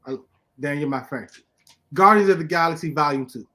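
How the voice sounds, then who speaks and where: Hosting a laid-back comic book podcast, this excitable man speaks a little fast with a somewhat high voice. Frequent laughter punctuates his talk, and things that irritate him set off loud, forceful rants.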